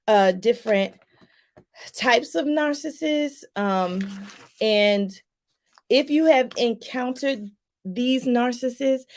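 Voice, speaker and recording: Her voice is fairly high and a little mellow. As a life coach talking informally to her audience, she explains things in a chatty, loose style, leaning on fillers and acting out examples.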